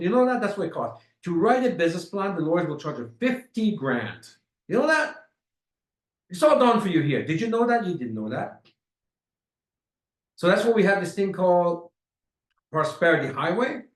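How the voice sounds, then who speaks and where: Man, high voice, motivational sales trainer, emphatic, repetitive, echoey room. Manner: emphatic and repetitive, stretching key words. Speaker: network marketing trainer.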